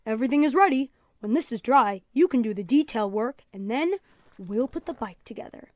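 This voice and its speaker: A woman voicing a kind, patient father in a read-aloud storybook, encouraging and a bit louder. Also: on the high side, lively intonation, a little fast, no room sound, lightly acted.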